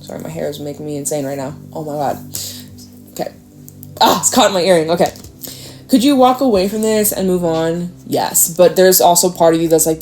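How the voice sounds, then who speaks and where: A woman giving a casual, chatty tarot reading, animated and talkative, now and then jumping into a high acting voice. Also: moderate pace, faint music behind. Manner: chatty, animated, slips into squealy acted quotes. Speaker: tarot reader.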